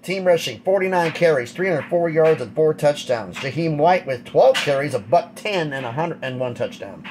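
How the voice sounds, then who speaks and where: Male sports commentator, slightly high voice, blunt opinionated stat recap, noisy background hiss. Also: lively intonation, moderate pace, few pauses, a little mellow. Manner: blunt and opinionated, rattles off stats. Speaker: college football commentator.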